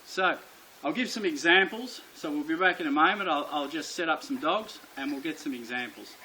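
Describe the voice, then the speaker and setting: A man's voice: fairly high pitch, brisk, sharp tone, a little hiss or hum, rough recording. A man teaching dog training, speaking bluntly and emphatically and repeating his key points. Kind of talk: instructional explanation to camera.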